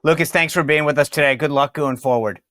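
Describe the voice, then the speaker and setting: A man's voice: fairly high pitch, quick pace, fairly bright tone, dry recording, studio quality. A man hosting a talk show, chatting loosely through sponsor reads and stumbling over words. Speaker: podcast host. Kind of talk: casual host talk with ad reads.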